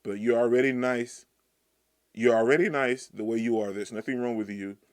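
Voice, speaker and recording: A man reading the lines of a proud, cold young male deer from a manga, flat and clipped. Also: medium pitch, normal speed, dry recording, studio quality, natural voice.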